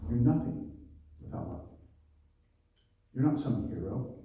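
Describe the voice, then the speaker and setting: A man's voice: mid-range voice, lively intonation, measured pace, mellow. A man preaching a conversational sermon as pastor, mixing scripture reading with laughs and personal asides. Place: church hall. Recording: very echoey church hall, mic at a distance.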